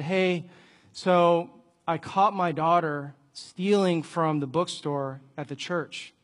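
In a slightly high voice, a man preaches a sermon and tells an illustrative story. He is earnest and often drops into a soft, hushed tone.

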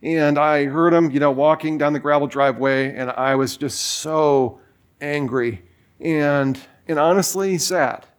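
Casual storytelling pastor, fairly high voice. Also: male voice, measured pace, clear, resonant tone. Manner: casual storytelling with many fillers. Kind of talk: sermon.

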